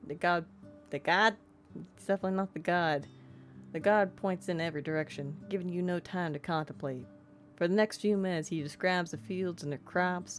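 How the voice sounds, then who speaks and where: A woman streamer narrating a video game, reading its text aloud and breaking off into self-deprecating asides. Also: lowish voice. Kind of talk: let's-play narration and commentary.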